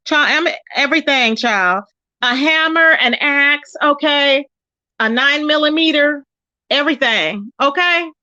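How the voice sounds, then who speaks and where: A woman's voice: high-pitched, unhurried, sharp tone, dry recording. Chatty woman on dull lo-fi stream audio. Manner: chatty, greets viewers by name, calls them child and baby. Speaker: livestream commentary host. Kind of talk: casual livestream gossip chat.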